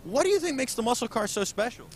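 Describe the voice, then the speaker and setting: A man's voice: extremely high pitch, big pitch swings, fast. A man hosting an auto show interview, talking eagerly and animatedly and often repeating words. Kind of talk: enthusiastic interview. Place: busy convention hall booth.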